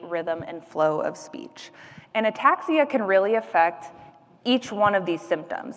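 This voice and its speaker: A woman's voice: on the low side, big-room sound. A woman speech-language pathologist giving an educational presentation, explaining patiently with frequent fillers and demonstrating sounds.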